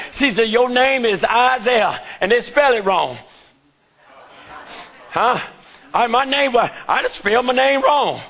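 Very high, gravelly shouting preacher man. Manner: shouting, call-and-response. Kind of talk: sermon.

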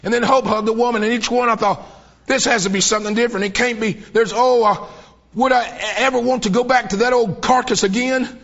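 A man preaching a sermon, telling a vision with mounting fervor and bursts of shouted praise. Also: extremely high pitch, fairly even intonation, a little fast. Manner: fervent storytelling, voice rising to shouts of praise. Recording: dull lo-fi old tape.

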